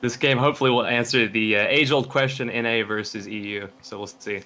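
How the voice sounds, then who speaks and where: A man's voice: medium pitch, brisk, bright, forceful tone. A man giving color commentary on a video game match in a friendly, laid-back way. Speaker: esports co-caster. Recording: faint music behind.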